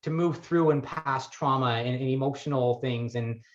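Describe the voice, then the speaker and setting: A man's voice: medium pitch, moderate pace. A man working as a wellness coach, talking thoughtfully in an interview and searching for his words as he goes. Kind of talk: conversational interview. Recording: muffled lo-fi audio.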